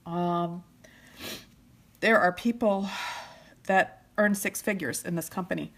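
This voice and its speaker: A middle-aged woman chatting on a live stream while doing her makeup, heartfelt and at times tearful, often trailing off soft. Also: fairly low pitch, slow pace. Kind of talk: emotional live chat. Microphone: phone or webcam live stream.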